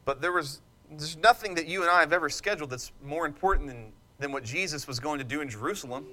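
A man's voice: a little high, quick pace, bright, forceful tone. A man preaching a sermon with passion and emphasis, stopping to ask his listeners for an "amen.". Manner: impassioned, emphatic preaching with call-and-response asides.

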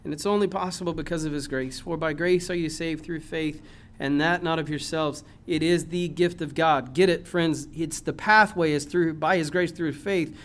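High-pitched impassioned preaching man. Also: steady tone, normal speed. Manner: impassioned preaching with swings from loud to low. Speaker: pastor. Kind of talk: sermon. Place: church.

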